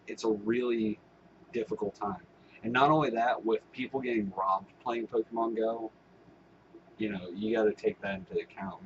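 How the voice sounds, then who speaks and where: A man's voice: fairly low pitch, dull audio, noisy background. A man talking casually to camera as a vlogger, rambling and swearing with laughing asides. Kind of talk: casual vlog commentary.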